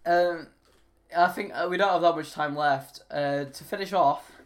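A man's voice: on the high side, normal speed. A man co-hosting a casual chat, giggling often and rambling, trailing off mid-sentence and restarting his thoughts.

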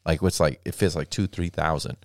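A man on a podcast in casual chat, telling stories in an unhurried way. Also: extremely low pitch, steady tone, no room sound, studio quality. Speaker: podcast co-host.

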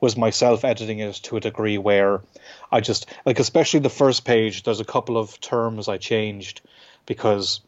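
A man's voice: on the low side, steady tone. An Irish man, a comic book writer, talking casually in an interview, full of restarts and fillers. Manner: halting, many restarts and fillers. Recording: dull lo-fi sound.

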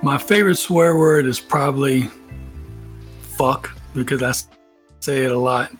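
Relaxed rambling man from Georgia. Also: mid-range voice, unhurried, soft background music, rough recording. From Georgia, United States. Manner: relaxed, rambling and laughing at himself. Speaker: interviewee.

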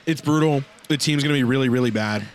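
A man's voice: mid-range voice, quick pace. A man co-hosting a casual sports chat, dry and sarcastic, often hesitating with fillers. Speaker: podcast co-host.

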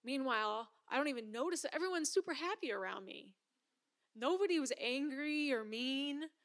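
A woman in her thirties telling a personal story in an animated way, acting out her own thoughts as she goes. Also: high-pitched, normal speed.

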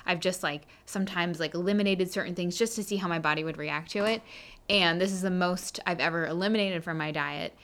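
Bright-voiced woman podcast co-host. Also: fairly low pitch, brisk. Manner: animated, emphatic, self-mocking. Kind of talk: casual chat.

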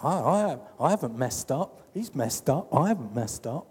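A man's voice: mid-range voice, lively intonation, normal speed, darkish tone, breathy edge, long reverb tail. A man putting on a whiny, self-pitying elder brother. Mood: whining. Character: resentful elder brother, grown man, whining martyr.

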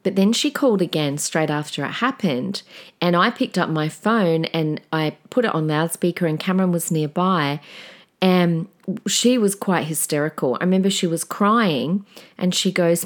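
An Australian woman in her forties talks to her listeners in a loose, chatty way, with a low voice. She tells stories with plenty of fillers and restarts, as if talking with friends. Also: moderate pace. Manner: chatty, animated storytelling with frequent fillers. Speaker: parenting podcast host. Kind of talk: conversational monologue.

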